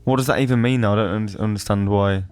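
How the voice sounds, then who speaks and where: A man's voice: fairly low pitch, steady tone, fast talker, darkish tone, soft background music. A man who is a filmmaker and podcast guest, bantering in a dry, self-deprecating way. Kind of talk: casual podcast chat.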